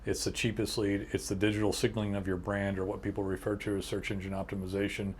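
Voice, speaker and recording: Man, low voice, casual business podcast chat, punchy delivery. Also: flat delivery, fast talker, slight background noise. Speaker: podcast host and agency owner.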